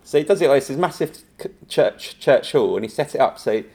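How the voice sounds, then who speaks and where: An improv teacher appearing as a guest tells stories in a casual, anecdotal chat, his mid-range voice brisk, creaky and husky. He laughs often and animatedly acts out quotes.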